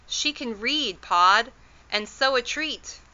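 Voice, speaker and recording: A woman's voice: a little high, expressive, takes it slowly, sharp tone, highs cut off, pitched above the performer's own voice, exaggerated voice. A woman voicing an anxious tiny borrower wife who pleads and frets in a storybook read-aloud. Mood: fretful. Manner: fretful and pleading.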